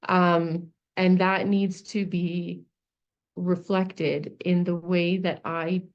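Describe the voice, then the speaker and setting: A woman's voice: lowish voice, level tone, extremely slow, lo-fi sound. A woman on a team call telling her personal story in a rambling, self-interrupting, emotional way.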